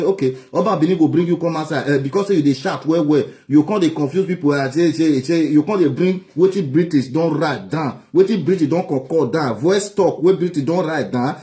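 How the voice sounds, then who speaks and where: A Nigerian man broadcasts an angry political rant. He repeats his points and mocks his target. His voice sits high but sounds warm and mellow. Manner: angry, repetitive, mocking. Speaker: online broadcaster.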